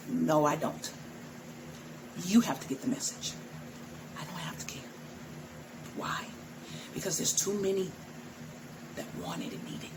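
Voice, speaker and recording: A woman's voice: fairly low pitch, expressive, unhurried, pauses often. Middle-aged woman, tantra teacher, blunt, frank, laughs a lot, noisy recording. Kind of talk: direct-to-camera talk. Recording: noisy background.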